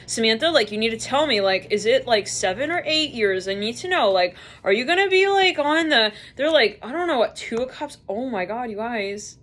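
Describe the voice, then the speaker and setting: A woman giving a rambling, chatty tarot reading, full of fillers and quick acted-out quotes. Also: fairly high pitch, fairly bright tone, a little hiss or hum. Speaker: tarot reader. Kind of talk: casual tarot reading monologue.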